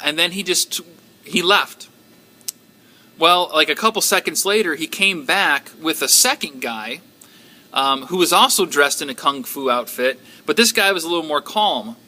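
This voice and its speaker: A man casually telling his prayer group a testimony, halting and full of ums and likes. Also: fairly high pitch, bright, forceful tone. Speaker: church member sharing a testimony.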